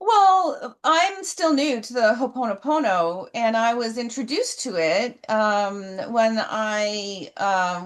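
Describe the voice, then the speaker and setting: A middle-aged woman speaking earnestly and emotionally as an interview guest, slow and halting. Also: medium pitch. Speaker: guest, horse healer. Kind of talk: heartfelt interview answers. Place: ranch.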